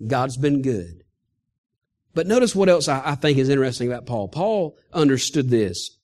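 A male pastor preaching an animated sermon, often chuckling as he speaks. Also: medium pitch, normal speed.

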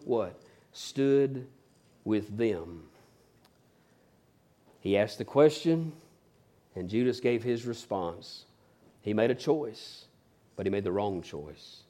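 A preacher delivering a sermon, swinging from loud emphatic peaks to hushed, near-whispered lines. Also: male voice, mid-range voice.

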